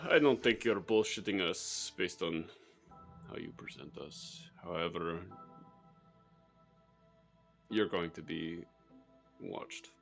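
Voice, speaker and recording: A man playing a tabletop role-playing game who speaks in a halting, hesitant way. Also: deep voice, creaky, fairly bright tone. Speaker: player. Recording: faint music behind.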